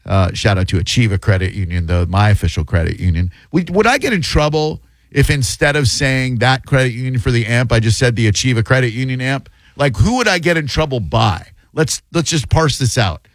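A man's voice: mid-range voice, a little fast, dry recording. A man hosting a radio show, bantering sarcastically with his co-host and reading promos in a joking, rambling way. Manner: sarcastic, joking, playful tangents. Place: radio studio. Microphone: studio microphone.

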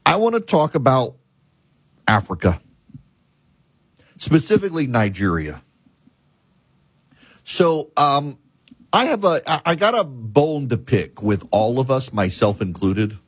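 Husky-voiced man commentating. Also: medium pitch, very animated, takes it slowly, long pauses, dry recording. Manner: emphatic, lists and repetitions, frequent restarts. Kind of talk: opinionated political monologue.

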